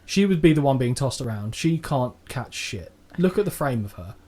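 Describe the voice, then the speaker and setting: A man's voice: mid-range voice, moderate pace. A man co-hosting a casual podcast, joking and swearing as he reviews an old show. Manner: sweary, jokey, animated. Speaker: podcast co-host. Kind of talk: casual chat.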